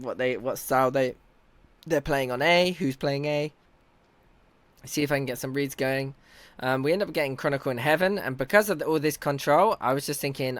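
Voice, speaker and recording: A man's voice: mid-range voice, a bit bright, dry recording. Chatty young man breaking down a match. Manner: chatty, analytical, self-teasing. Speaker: team captain and in-game leader. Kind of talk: casual commentary over match footage.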